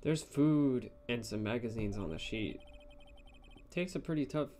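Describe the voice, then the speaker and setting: A man streaming a game, reading its dialogue aloud in a dry, deadpan manner. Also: medium pitch, a little slow, a little hiss or hum. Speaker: let's play streamer.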